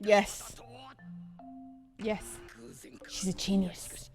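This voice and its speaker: A woman's voice: mid-range voice, flat delivery, very slow, darkish tone. A young woman from Egypt giving casual reaction commentary, exclaiming and talking back at the screen. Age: young adult. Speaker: anime reaction streamer. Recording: show music faintly behind.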